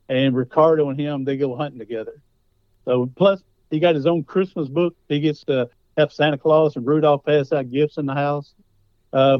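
A man's voice: on the high side, dry recording, lo-fi sound. A man, a guest speaker and author telling stories in a folksy, conversational way. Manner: folksy storytelling. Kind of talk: conversational interview.

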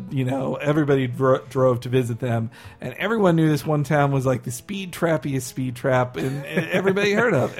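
A man co-hosting a podcast, telling a rambling, profane anecdote in casual chat, laughing as he goes. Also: mid-range voice. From Florida. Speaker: podcast co-host.

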